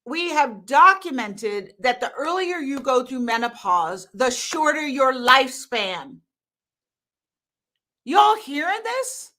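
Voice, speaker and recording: A woman's voice: high-pitched, measured pace, few pauses. A woman hosting a live stream as a hormone coach, talking bluntly and laughing often. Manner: animated, laughing, blunt and emphatic. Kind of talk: casual live-stream talk to viewers.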